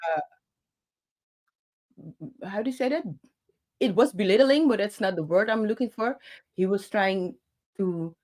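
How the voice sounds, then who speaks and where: A woman hosting her own channel, telling a personal story with passion and speaking into a handheld microphone, with many fillers and restarts. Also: mid-range voice. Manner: passionate, talks with her hands. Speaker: channel host.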